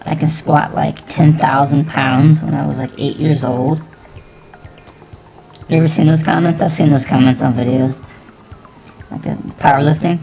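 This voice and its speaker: A man talking through a pitch-shifting voice effect, rambling and goofing around. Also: fairly even intonation, normal speed, long pauses, dark tone, soft background music, rough recording. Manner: goofy, rambling.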